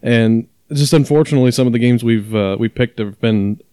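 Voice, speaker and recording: A man's voice: mid-range voice, fairly quick, mellow, clean tone, no echo. A man co-hosting a podcast in casual chat, explaining things at length with many fillers and restarts. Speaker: podcast co-host.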